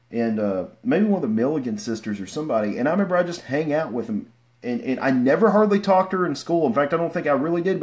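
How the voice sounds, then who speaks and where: A man, rambling through casual livestream stories, with many fillers and restarts and sudden loud outbursts. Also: mid-range voice. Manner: bursts into loud shouts when acting out stories. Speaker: vlogger.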